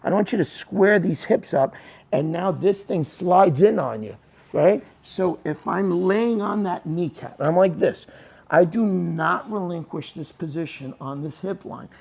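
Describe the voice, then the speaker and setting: A middle-aged male jiu-jitsu instructor with a gravelly, husky voice, pitched a little high yet dark and mellow in tone. He coaches through a technique on the mat, checks in with short questions, and slips into quick asides where he plays his students. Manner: coaching, checks in with "right?" and "okay?".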